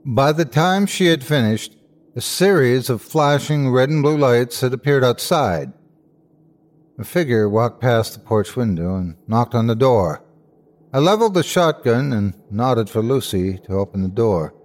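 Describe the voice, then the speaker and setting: A man narrates a scripted horror tale as host. His mid-range voice is measured and suspenseful, steady through the action. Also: mid-range voice.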